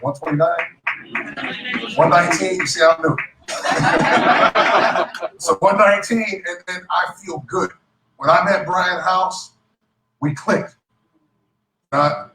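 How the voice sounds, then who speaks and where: A man talks to a crowd in a joking, lively motivational way, calling himself a clown. His voice is fairly high and bright. He is picked up from a distance in an echoey hall with faint room noise. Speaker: speaker at a business event. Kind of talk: motivational talk to a live audience. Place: event hall with audience.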